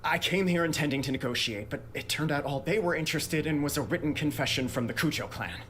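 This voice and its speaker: An actor playing a calm, earnest young male clan heir who speaks in a steady way. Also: on the high side, fast talker, slight background noise, close to an everyday voice.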